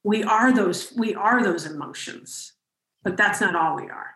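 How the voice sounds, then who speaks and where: Animated woman host in an echoey room. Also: medium pitch, unhurried. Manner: animated, with frequent restarts. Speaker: podcast host. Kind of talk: conversational storytelling.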